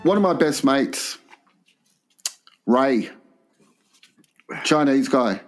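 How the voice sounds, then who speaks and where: A man co-hosting a crude comedy podcast, telling long rambling anecdotes in a deadpan way. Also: mid-range voice, extremely slow, soft background music. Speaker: podcast co-host.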